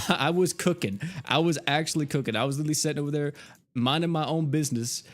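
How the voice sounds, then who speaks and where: A man's voice: on the high side, fast talker. Exasperated young American man ranting. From United States. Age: 20s. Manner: exasperated, swears freely, laughs through his stories. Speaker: game streamer. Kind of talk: casual storytelling chat while gaming.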